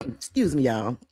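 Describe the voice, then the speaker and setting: A woman's voice: extremely low pitch, darkish tone, husky, no echo, clean studio sound. A woman hosting a casual livestream, chatty and blunt with salty slang, greeting viewers by name. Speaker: livestream host.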